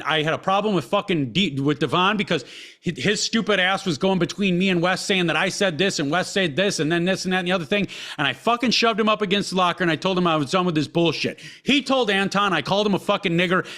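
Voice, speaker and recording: A man's voice: high voice, sharp tone. A man hosting a podcast, telling a personal story in a heated, blunt way with constant swearing. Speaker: podcast host.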